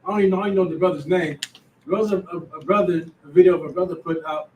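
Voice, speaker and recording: A man in a Bible class reading scripture aloud and chatting in a relaxed, rambling way. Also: sits high, rapid-fire, slight background noise. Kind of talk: scripture reading and casual chat. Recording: echoey room, far from the mic.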